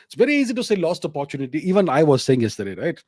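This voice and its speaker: A man's voice: on the high side, huge pitch swings, racing, a little mellow, no echo, studio quality. A man with an Indian English accent, hosting a solo commentary show and answering viewer questions, emphatic and full of rhetorical questions.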